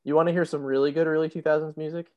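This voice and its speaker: A man's voice: a little high, little pitch movement, rapid-fire. A man co-hosting a podcast, joking and teasing his friend in casual banter. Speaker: podcast co-host. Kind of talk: casual chat. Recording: dull lo-fi sound.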